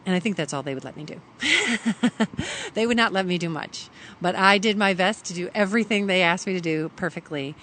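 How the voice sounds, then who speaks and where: A woman's voice: medium pitch, normal speed, slight background noise. A middle-aged woman from Kentucky, a podcast guest telling a story and acting out the lines of the people in it. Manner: animated, acts out others' lines when quoting them. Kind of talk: storytelling in casual conversation.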